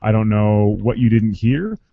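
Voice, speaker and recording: A man with a fairly low voice talks in an easygoing way as he co-hosts a podcast, dropping casual swear words. The recording sounds dull and lo-fi, and it is dry and close, with no echo. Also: animated, measured pace, creaky. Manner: laid-back, chatty, swears casually. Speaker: podcast co-host running the stream.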